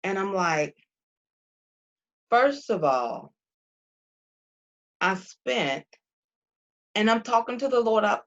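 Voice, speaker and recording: A woman talking casually to viewers about faith and feelings, acting out her own quotes in an animated way. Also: mid-range voice, slow, pauses often, muffled recording.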